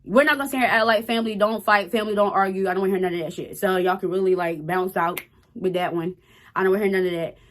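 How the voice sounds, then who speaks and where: A woman in her twenties telling a personal story to her viewers in a blunt, profane, emphatic way. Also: mid-range voice. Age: 20s. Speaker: storytime vlogger. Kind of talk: casual storytelling to camera.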